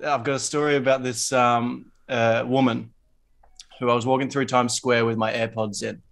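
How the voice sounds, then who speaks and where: A man as a podcast guest, telling a story in casual chat, halting with many fillers and restarts. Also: medium pitch, level tone, creaky, soft background music.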